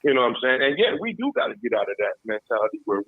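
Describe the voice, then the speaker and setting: A man's voice: medium pitch, big pitch swings, racing, husky, no echo, phone-quality sound. A man in a casual radio talk-show chat, emphatic and repeating himself to get his point across.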